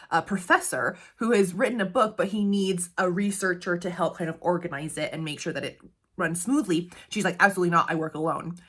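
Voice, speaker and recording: A woman chatting casually about books she has read, laughing often as she talks. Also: on the low side. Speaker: book reviewer. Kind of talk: casual book review chat.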